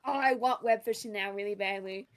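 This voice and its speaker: A woman's voice: a little high, normal speed. A woman in casual gaming chat on a call, playful and chatty, laughing often. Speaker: co-player on call.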